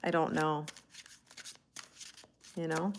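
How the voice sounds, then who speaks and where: A woman's voice: sits low, flat delivery, takes it slowly, creaky, a little hiss or hum. Chatty woman tarot reader streaming live. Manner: chatty and rambling, greets viewers by name; heavy use of "like" and restarts. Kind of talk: casual livestream tarot reading.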